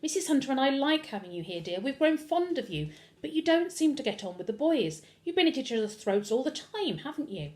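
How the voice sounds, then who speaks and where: A woman reading aloud, voicing a kindly middle-aged foster father who speaks gently and apologetically. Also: sits high, sing-song, a little fast, pitched above the performer's own voice. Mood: apologetic.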